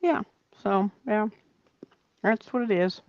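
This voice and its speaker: An older woman from Ohio, chatting slowly and telling stories on a casual livestream, greeting viewers from the chat. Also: medium pitch, a little mellow, no echo, muffled recording. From Ohio, USA. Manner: slow, chatty storytelling. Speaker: livestream co-host reading chat.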